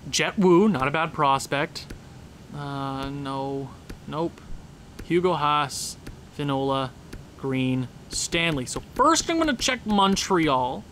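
A man giving casual gameplay commentary, talking to the game as he goes and breaking into excited, shouting laughter. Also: fairly high pitch, slow pace, a little hiss or hum. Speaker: gaming channel host.

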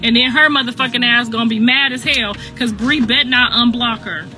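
A woman's voice: a little high, fairly even intonation, normal speed, sharp tone, faint music behind. A middle-aged woman ranting on a phone livestream, emphatic and repetitive, with a sassy edge.

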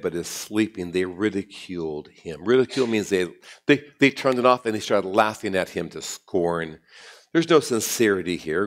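Animated preaching man. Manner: animated preaching with sudden jumps in pitch and volume. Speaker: pastor. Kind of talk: sermon. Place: church.

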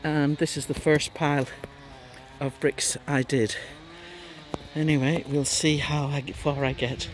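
A man's voice: on the high side, level tone, unhurried, soft background music. Breathless man in his seventies, wry. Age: 70s. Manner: chatty, wry, self-deprecating. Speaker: gardening vlogger. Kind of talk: casual garden vlog. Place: outdoor garden. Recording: faint outdoor noise, neighbours cutting trees. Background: faint sounds of tree work nearby.

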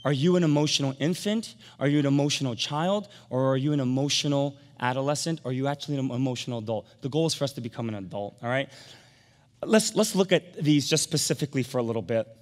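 A middle-aged pastor delivering a sermon in a big church sanctuary, his voice trailing off into a long hall reverb. His pitch sits in a middle range for a man. He is animated, pushing up to emphatic peaks and then dropping to hushed, gentle storytelling. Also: quick pace.

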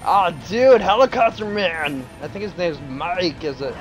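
A sleep-deprived man giving excitable let's play commentary, prone to sudden exclamations. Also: high-pitched, measured pace, faint music behind. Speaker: gameplay commentator.

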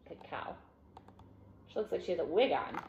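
A woman from a school staff reading a picture book aloud to children in an expressive, animated way. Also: lowish voice, brisk, dull audio, background noise.

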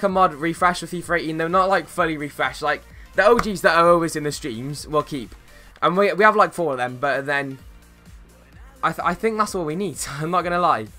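A young man streaming a football game, chatting casually with viewers and reacting to plays with bursts of excitement. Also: fairly high pitch. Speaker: gaming streamer. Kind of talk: casual live-stream chat while playing.

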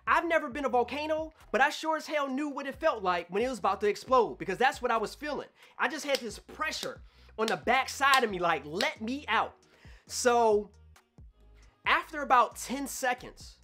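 A man telling a personal story to camera in an animated way, acting out his own past thoughts. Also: extremely high pitch. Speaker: vlogger.

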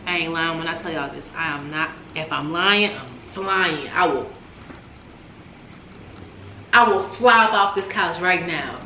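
Young woman vlogger, casual storytime, lively and profane, lower voice, roomy noisy recording. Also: a little slow, pauses often. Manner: animated, swearing, swings from loud to hushed. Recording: echoey room with noise.

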